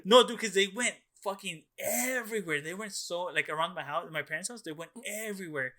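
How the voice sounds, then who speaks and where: Telling a story on a laid-back podcast, this young co-host rambles freely, swears a lot and says "like" and "dude" constantly. He's a fast talker with a bright, forceful voice pitched a bit above the typical male range.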